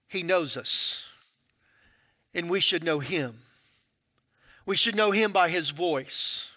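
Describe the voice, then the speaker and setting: A man's voice: very high voice, sharp tone. A male pastor preaching a sermon in a folksy, conversational way.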